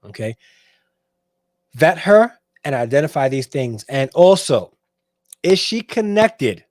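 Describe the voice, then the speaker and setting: A man's voice: a little high, sing-song, slow, darkish tone, dry recording, studio quality. Emphatic man preaching dating advice. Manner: preachy, emphatic, frequent restarts and checks like "all right?". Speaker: host. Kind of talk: livestream dating advice talk.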